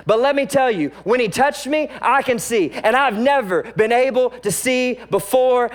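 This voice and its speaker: A male pastor giving a lively sermon, acting out the voices of the people in the story as he reads and explains. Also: very high voice. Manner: animated, acts out the quoted voices of the story.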